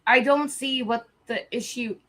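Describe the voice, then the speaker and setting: A woman's voice: fairly high pitch, fairly even intonation, a little slow, a bit bright. A woman live streamer chatting casually, rambling, swearing freely and restarting sentences, a little emotional.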